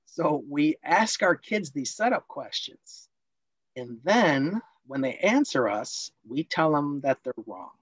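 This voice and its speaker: A man presenting a parenting workshop online, explaining points and acting out scolding parents in quick role-plays. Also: a little high, sing-song, no room sound, highs cut off.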